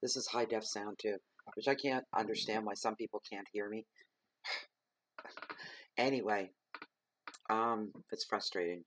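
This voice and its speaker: Earnest low-voiced man reading tarot. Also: fairly even intonation, a little slow, pauses often, a bit bright, slight background noise. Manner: emphatic, repetitive, earnest advice. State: coughing. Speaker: tarot reader. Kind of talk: weekly tarot reading monologue.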